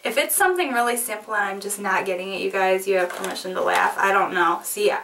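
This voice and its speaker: A woman beauty vlogger in casual chat, opening a package, giggly, excitable and apologetic. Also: mid-range voice, quick pace, creaky, distant mic, a little hiss or hum, rough recording.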